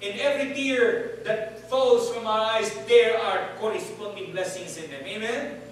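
An unhurried male preacher whose voice sits high gives a sermon in a church hall, getting the congregation to respond and repeat his words. Slight background noise accompanies the echoey, far-off recording.

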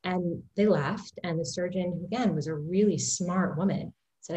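A woman fertility doctor, a guest on an interview show, telling her story in an animated way with frequent laughs. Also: lowish voice, brisk, hardly any pauses, highs cut off.

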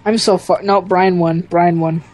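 A young man hosting a casual gameplay video, joking crudely and squealing with excitement. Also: high voice, measured pace. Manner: playful, crude jokes, squeals when excited. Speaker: gaming video host.

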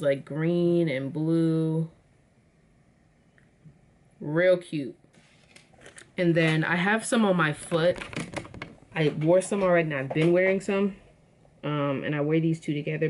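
A chatty woman with a slightly low voice, showing off gifts to her viewers. She talks casually and calls them y'all. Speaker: vlogger. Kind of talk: casual unboxing chat.

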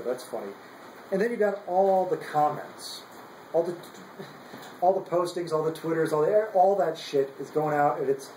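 A man's voice: high-pitched, darkish tone, roomy sound, a little hiss or hum, rough recording. A young man on active military duty, giving a heated, profane political rant full of repeated words. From United States. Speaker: active duty service member.

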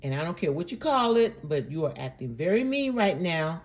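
A woman's voice: lowish voice, sing-song, moderate pace, hardly any pauses. A woman hosting a reaction channel, commenting sarcastically and indignantly on a preacher's clip.

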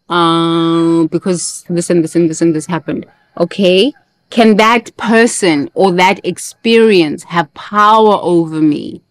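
A woman's voice: medium pitch, dry recording, studio quality. A woman hosting a motivational self-help monologue, emphatic, repeating key phrases and sometimes breaking into playful sing-song chants. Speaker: host.

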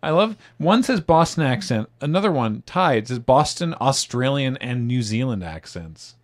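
Lively male podcast host, middle pitch, reads suggestions aloud, laughs easily. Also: normal speed. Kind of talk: casual panel chat.

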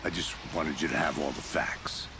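Guarded game detective: rumbling low voice, clipped delivery, score behind. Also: male voice, steady tone, gravelly. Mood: grim. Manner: slow, clipped, matter-of-fact. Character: weary, guarded middle-aged male detective. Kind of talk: video game dialogue. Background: game score music.

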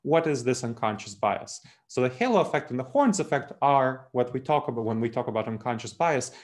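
A man giving a presentation on unconscious bias, emphatic and lively, with small laughs and asides. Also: medium pitch, fairly quick. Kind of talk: presentation talk.

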